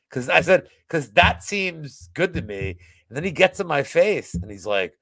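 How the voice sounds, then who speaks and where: A man's voice: fairly high pitch, sing-song, a little fast, vocal fry, fairly bright tone, dry recording. A man telling a story in casual chat, rambling with constant fillers and frequent swearing. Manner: rambling, heavy use of "like", swears a lot. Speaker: podcast guest.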